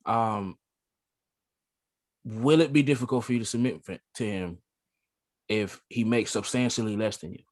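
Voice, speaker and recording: A man's voice: lowish voice, moderate pace, long pauses. A man co-hosting a podcast in casual chat, laughing easily and putting questions to the women.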